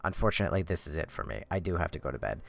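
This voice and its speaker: Lively, swearing man streaming. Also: a bass voice, rapid-fire, gravelly. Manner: profane, exasperated ranting. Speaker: game streamer. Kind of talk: livestream chat.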